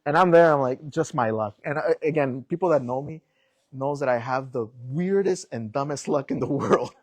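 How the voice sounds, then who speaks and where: A young adult man preaching, telling a personal story in an animated way and acting out the voices in it. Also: medium pitch, normal speed, no room sound. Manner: animated storytelling, acts out quotes.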